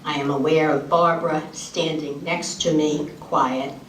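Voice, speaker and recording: A woman, the author, reading her own memoir aloud to an audience in a measured way. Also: sits low, fairly even intonation, slight background noise. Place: room at a university event. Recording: roomy, distant, faint ambience.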